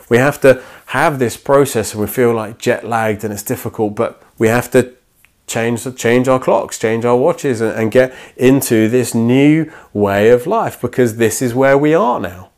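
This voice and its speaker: Male preacher, mid-pitched, conversational sermon delivery. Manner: conversational, acts out little quoted exchanges. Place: church.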